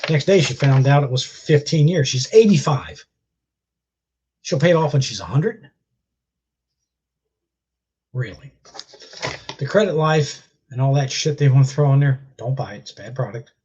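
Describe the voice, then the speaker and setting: A man's voice: mid-range voice, normal speed, long pauses, darkish tone, lo-fi sound, slight background noise. A man with a chest cold, bluntly scolding viewers in a casual live stream rant and swearing freely. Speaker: vlogger.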